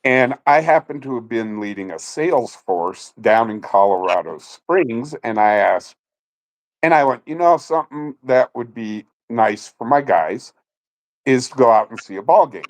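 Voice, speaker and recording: Middle-aged man telling lively stories. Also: mid-range voice. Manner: animated storyteller, quick to laugh. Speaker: interview guest. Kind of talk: casual storytelling interview.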